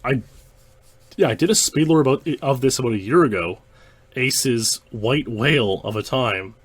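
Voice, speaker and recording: A man's voice: mid-range voice, expressive, moderate pace, husky. A young man hosting a speedrun history show, giving loose, rambling commentary over gameplay with lots of fillers and restarts.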